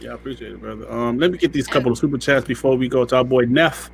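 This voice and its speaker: A man co-hosting a casual gaming podcast, relaxed and slangy, reading viewer donations aloud. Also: mid-range voice, racing, gravelly, slight background noise. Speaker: podcast co-host.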